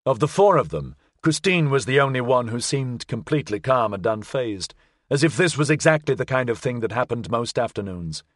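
A man reading a novel aloud as narrator, measured and expressive. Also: medium pitch, no room sound, studio quality. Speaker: audiobook narrator. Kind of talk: scripted narration.

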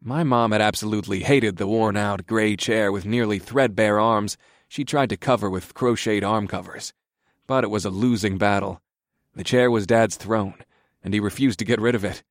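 A man reading a first-person story in an easy, conversational manner. His voice sits low, recorded close and dry in a studio booth. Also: steady tone, normal speed, no room sound. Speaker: audiobook narrator. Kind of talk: scripted first-person narration.

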